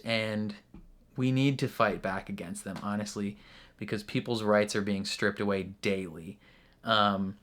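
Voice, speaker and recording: A man's voice: on the low side, a bit bright. A young man hosting a reaction video, talking casually and earnestly about a show's finale, with laughs and fillers along the way. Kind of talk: casual post-episode discussion.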